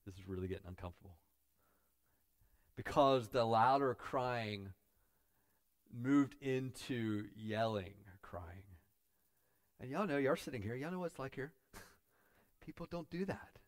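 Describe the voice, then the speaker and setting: A man preaching a sermon as pastor, dropping to quiet asides and building to loud, emphatic peaks. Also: medium pitch, measured pace, long pauses.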